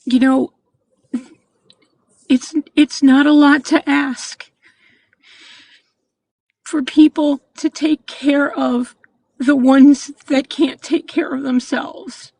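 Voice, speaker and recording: A woman in her sixties calling in to a show, speaking earnestly and haltingly, with frequent restarts. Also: high voice, flat delivery, darkish tone, no echo, rough recording. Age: 60s. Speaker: caller. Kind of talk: call-in chat.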